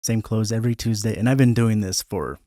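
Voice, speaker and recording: A man's voice: fairly low pitch, fairly quick, mellow, dry recording. A man hosting a podcast, chatting casually, laughing and restarting his sentences often. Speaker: podcast host.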